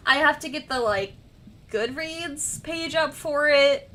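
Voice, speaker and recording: This young woman from the American Midwest, slight accent and all, rambles casually on a livestream while editing her book. Her voice sits high and is pushed and bright, with a slow pace.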